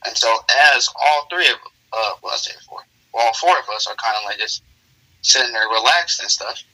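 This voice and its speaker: A man narrates an improvised story in casual chat, wandering through details with frequent fillers. His voice is very bright and crisp. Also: medium pitch, brisk, poor audio. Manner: relaxed, rambling narration with many fillers.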